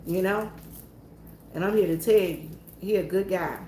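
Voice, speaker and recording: A woman's voice: on the low side, moderate pace, dark tone, echoey room, slight background noise. A Southern woman chatting to her viewers in a folksy, storytelling way, alone in an empty church. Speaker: church worker and vlogger. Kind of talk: casual chat to viewers.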